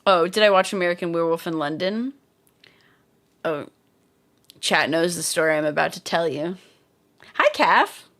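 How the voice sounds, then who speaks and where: A woman's voice: on the low side, expressive, normal speed, long pauses, a bit bright. A woman live streaming while crafting, chatting casually and reading viewer comments aloud. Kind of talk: casual livestream chat.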